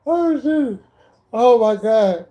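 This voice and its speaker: A man's voice: very high voice, animated, takes it slowly, mellow. A man hosting a casual live stream, laughing constantly and bantering loosely and profanely with viewers in the chat. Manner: repeats phrases, talks to chat viewers by name.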